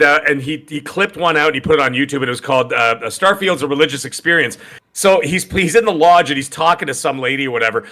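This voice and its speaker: A man co-hosting a gaming podcast, telling stories and acting out his own reactions. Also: a little high. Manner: animated storyteller, acts out his own reactions. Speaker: podcast co-host. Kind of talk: casual gaming podcast chat.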